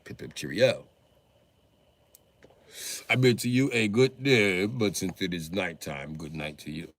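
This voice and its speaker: A man voicing a posh, stuffy English gentleman in a mock-formal, lowered voice. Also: normal speed.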